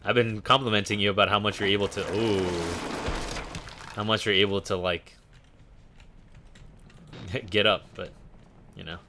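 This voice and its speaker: Deep-voiced joking man streaming a game. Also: fairly even intonation, normal speed, pauses often, pushed and bright, a little hiss or hum. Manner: joking, sarcastic asides. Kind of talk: casual gameplay commentary.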